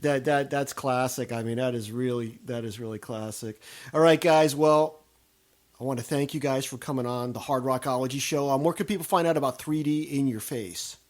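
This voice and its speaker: A man hosting a rock radio show interview, upbeat and quick to laugh. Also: medium pitch, steady tone.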